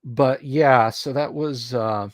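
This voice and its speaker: A man from the US South, hosting a relaxed livestream chat and rambling conversationally with many pauses and restarts. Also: medium pitch, no echo, clean studio sound. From Alabama, US South. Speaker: streamer host. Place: home studio room.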